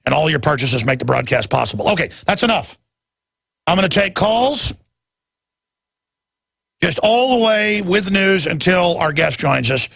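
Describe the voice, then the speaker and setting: A man's voice: a little high, lively intonation, unhurried, creaky, long pauses, fairly bright tone, dry recording. A man in his forties hosting a talk radio show, speaking intensely and emphatically and stumbling over repeated words when worked up. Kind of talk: impassioned talk radio monologue.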